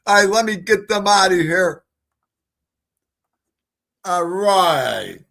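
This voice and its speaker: Slow-talking man hosting a livestream. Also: high voice, expressive, creaky, a bit bright. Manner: rambling, emotional, swears. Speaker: livestream host. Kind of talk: casual chat.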